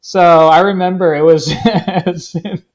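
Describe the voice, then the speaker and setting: A man's voice: sits high, steady tone, measured pace. A man in casual podcast chat, hesitantly starting a story. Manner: hesitant, searching for words. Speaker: podcast co-host.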